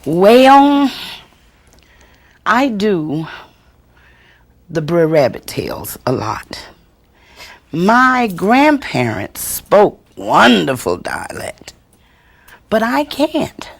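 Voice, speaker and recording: A woman storyteller teaching a workshop and answering audience questions, expressive and deliberate, acting out the voices she quotes. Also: lowish voice, creaky. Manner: slow, deliberate delivery with chuckles.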